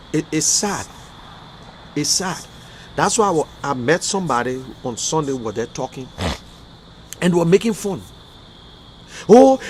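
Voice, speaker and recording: Liberian guy ranting on his livestream show, high pitched, fired up and emotional, faint hiss behind. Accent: Liberian English. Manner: emotional, fiery, repetitive outbursts. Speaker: online talk show host. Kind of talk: impassioned livestream commentary.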